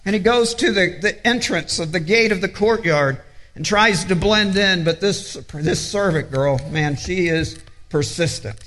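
A man with a high voice preaches at an unhurried pace. He retells the story with earnest feeling and acts out each quote. His voice rings out with a long reverb, as in a large hall. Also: fairly bright tone. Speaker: pastor. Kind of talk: children's sermon.

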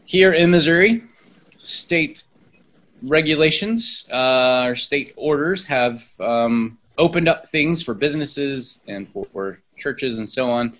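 A man speaking as a church leader in a casual discussion, plain and explanatory, often clearing his throat. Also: medium pitch, expressive, slow pace, fairly bright tone.

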